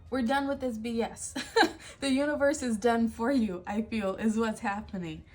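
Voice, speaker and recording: A woman's voice: fairly high pitch, fairly even intonation, a little slow, faint music behind. A woman giving a casual tarot reading, emphatic, often laughing and sighing. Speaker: tarot reader.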